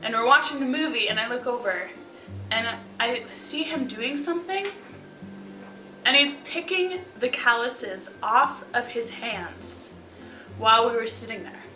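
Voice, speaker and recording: Chatty young woman, bright, echoey room. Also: fairly high pitch, expressive, measured pace, faint music behind. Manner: chatty, wry, sarcastic asides with lots of likes. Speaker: vlogger. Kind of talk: casual storytelling to camera. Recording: echoey room, mic at a distance.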